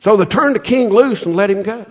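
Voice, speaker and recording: A man's voice: sits high, fairly quick, slightly rough. Folksy man preaching a sermon. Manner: folksy storytelling, repeats words, rises to loud emphatic peaks.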